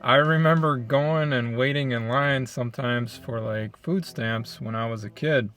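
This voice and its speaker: A man from Michigan hosting a casual food review, talking in a relaxed, thoughtful way with plenty of ums. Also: medium pitch, unhurried, soft background music. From Flint, Michigan.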